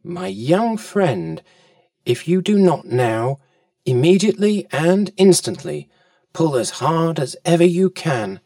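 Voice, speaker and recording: A man voicing a pompous, long-winded male python in a storybook reading, speaking slowly and formally. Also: a little high, big pitch swings, warm tone, dry recording, studio quality, far from the mic. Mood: urgent, pompous.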